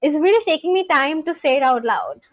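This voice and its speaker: Chatty and giggly, a livestream host from India reads out viewers' chat messages and replies to each one. She speaks briskly in a high-pitched, animated voice, captured in a dry, low-quality recording.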